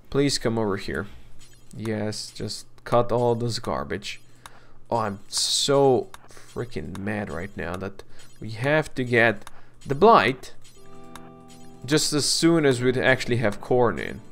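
A man casually commenting on his game, coaxing his colonists, grumbling and swearing at setbacks, and clearing his throat now and then. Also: mid-range voice, animated, slow, a bit bright. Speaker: let's play gamer.

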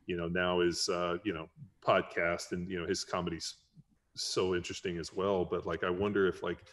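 A man's voice: sits low, level tone, moderate pace, fairly bright tone. A man hosting a podcast, chatting in a loose, rambling way with many restarts and fillers. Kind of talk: casual chat.

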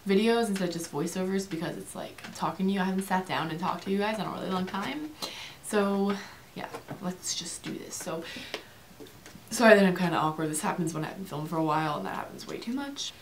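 A young woman chatting casually to her camera as a beauty vlogger, rambling and fast, with lots of fillers. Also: mid-range voice, slight background noise. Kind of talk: casual chit-chat.

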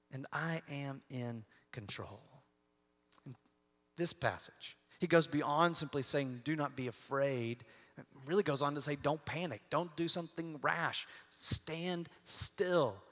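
A man preaching a sermon as pastor, conversational, often restarting his words and dropping his voice low and soft for scripture quotes. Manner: conversational, with repeated restarts and softened dramatic quotes. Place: church sanctuary. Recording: long reverb of a large church hall.

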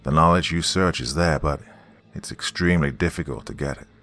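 A man voicing the spirit of a dead male professor speaking from beyond, deep and ominous. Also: fairly quick, a bit bright.

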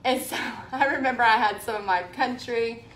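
A woman's voice: on the high side, normal speed, fairly bright tone. A woman with a Texan accent, chatting casually while she teaches a painting tutorial. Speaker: painting instructor. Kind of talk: live painting tutorial chat. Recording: echoey room.

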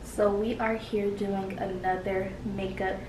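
A young adult woman co-hosting a casual chat, animated and questioning, recorded from a distance in an echoey room. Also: medium pitch, measured pace. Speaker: co-host. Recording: echoey room, mic far off, noisy.

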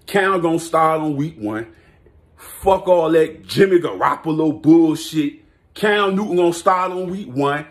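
A man ranting as a vlogger, excitable and boastful, with lots of street slang and frequent laughter. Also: a little high, measured pace. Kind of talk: sports hot-take rant.

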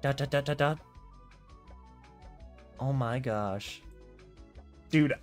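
A reader casually reacting to and reading out a slideshow comic, full of excited exclamations. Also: medium pitch, very slow, soft background music.

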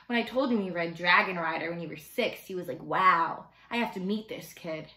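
A woman reading aloud as a gentle, coaxing mother who reassures her son. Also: on the low side, normal speed, roomy sound, low-quality recording.

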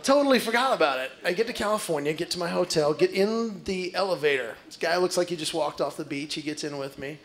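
A man performing a stand-up comedy set on stage, telling animated stories and acting out voices. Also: fairly high pitch, quick pace, few pauses. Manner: animated storytelling with acted-out voices. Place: stage before a live audience. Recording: live show with loud crowd and noise. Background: audience laughter.

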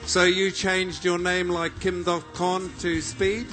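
Over music, a man speaks slowly in a level tone as a live event MC. He announces in the arena and interviews competitors, joking with them and rousing the crowd in a loud, booming, jokey style.

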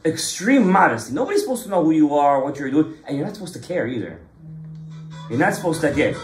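A man's voice: a little high, fast, roomy sound, soft background music. A man teaching an informal Torah class to a small group, telling stories and mixing in Hebrew and Kabbalah terms. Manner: lively storytelling, mixes in Hebrew and Kabbalah terms.

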